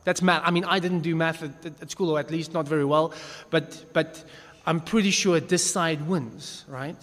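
A man's voice: on the high side, fairly even intonation, moderate pace, fairly bright tone. A man giving a casual, joking Bible lesson, with frequent restarts as he talks. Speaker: Bible teacher. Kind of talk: casual teaching talk. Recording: long echo of a reverberant hall.

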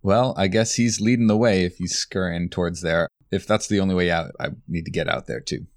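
A man with a very deep voice is a player at a tabletop game. He talks in an easygoing, casual way and thinks out loud as he works out his character's moves. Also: a little fast. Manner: easygoing, thinks aloud with fillers.

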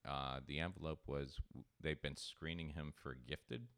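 A man's voice: rumbling low, moderate pace, a bit bright, clear, resonant tone, no room sound. A man in his thirties, co-hosting a casual podcast chat, telling jokey stories with swearing and laughter. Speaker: podcast co-host.

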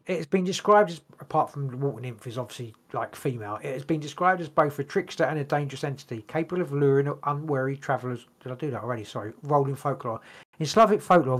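A man co-hosting a podcast, reading notes aloud in casual chat, stumbling over words and swearing casually. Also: mid-range voice. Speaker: podcast co-host.

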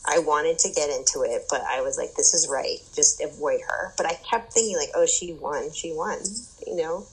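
A young adult woman telling an animated story in casual chat, with lots of fillers and swearing. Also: deep voice, normal speed, a little hiss or hum, rough recording.

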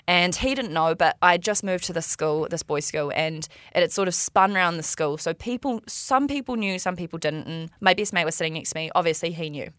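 Bright-voiced woman guest, dry close mic, talkative storyteller. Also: lowish voice, a little fast, hardly any pauses, dry recording. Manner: chatty, laughs often while telling stories. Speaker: podcast guest. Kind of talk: casual storytelling.

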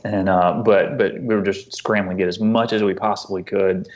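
A man telling a personal story as an interview guest, earnest and halting, often restarting his sentences. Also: deep voice, steady tone, dull audio. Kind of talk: conversational storytelling.

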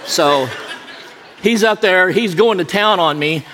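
A middle-aged associate pastor delivers a sermon laced with jokes and self-deprecating stories, his voice pitched high, slow, and a bit bright. The church sanctuary carries a long reverb, with some chatter and slight noise in the background.

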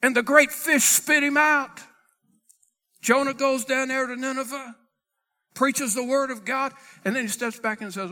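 High-voiced bright preaching pastor. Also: male voice, unhurried, pauses often, in a large hall. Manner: dramatic preaching, acting out dialogue with God; reads scripture in old-fashioned Bible wording. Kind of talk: sermon.

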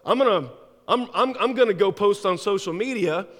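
A man's voice: high-pitched, moderate pace, a bit bright, in a large hall, pitched above the performer's own voice. A man voicing a flustered American man who protests and stammers with rising indignation. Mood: indignant. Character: exasperated male American abroad, indignant and flustered.

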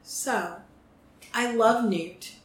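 An American woman co-hosting a podcast speaks extremely slowly in a slightly high voice. Her talk is chatty and casual, full of ums and restarts, recorded in an echoey room with faint noise.

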